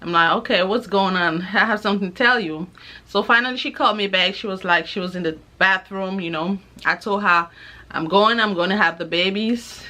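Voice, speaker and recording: A young woman vlogger, her voice on the low side, recounts a personal story. Her style is casual and animated, with the people she quotes acted out.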